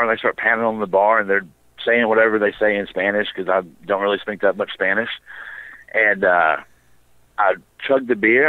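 A man's voice: lowish voice, dry recording. Man on a tinny phone line. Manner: relaxed storyteller, dry sarcastic asides. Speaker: wrestler guest. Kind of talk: casual storytelling interview.

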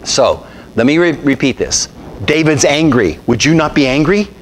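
A pastor preaching a sermon, calling on the congregation to repeat after him and answer. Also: male voice, on the high side, expressive, normal speed, a little hiss or hum.

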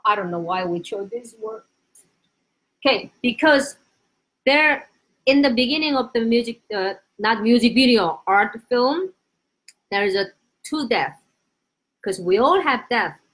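A young woman with a Korean accent leads a casual live-streamed Korean lesson in a high voice. She is animated and drills each word over and over for pronunciation. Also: measured pace, pauses often. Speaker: Korean language teacher.

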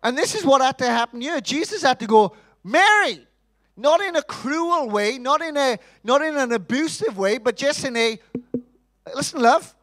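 A man preaching a sermon in church, animated, asking rhetorical questions and acting out quotes. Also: extremely high pitch, normal speed, few pauses.

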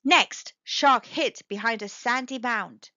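Casting note: warm-hearted kids' story reader, a woman with a high, lively, unhurried voice, gentle and expressive. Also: no echo. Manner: gentle, sing-song and expressive. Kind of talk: slow expressive read-aloud for young kids. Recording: dull lo-fi dry recording.

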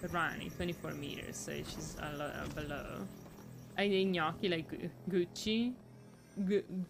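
A woman's voice: lowish voice, a little slow, faint music behind. A woman with an Italian accent, a native Italian speaker, chatting casually and rambling through gameplay commentary with the odd swear. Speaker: streamer.

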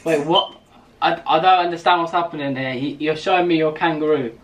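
Cheeky young London man, high voice. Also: fairly even intonation. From England. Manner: teasing, mock-insulting, quick to laugh. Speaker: YouTuber host. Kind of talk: casual video chat banter.

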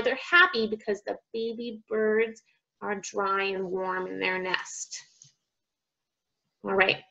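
A woman speech teacher reading a picture book aloud to young children, sounding out words slowly and with exaggeration. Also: fairly high pitch, fairly bright tone, muffled recording.

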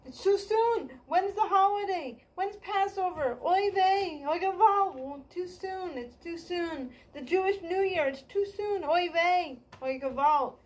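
A woman's voice: very high voice, a little slow, hardly any pauses, pitched above the performer's own voice, low-quality recording. A woman putting on a fretful, kvetching worrier who fusses in a whiny, repetitive, exaggerated way. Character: fretful kvetching worrier, fussing over holiday dates.

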